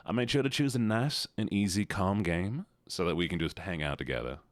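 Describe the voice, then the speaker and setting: A man's voice: sits low, a little fast, no room sound, close to an everyday voice. A man streaming live, voicing a put-on American Southern accent while chatting with viewers. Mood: relaxed.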